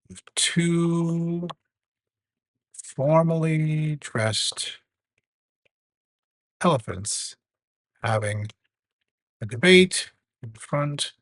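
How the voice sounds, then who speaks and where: Man, teacher, earnest and measured explanation, fairly high voice, dry close sound. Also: a bit bright, dry recording. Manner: measured, earnest, some fillers. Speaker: teacher demonstrating AI tools. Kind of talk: explanatory lesson with live demo.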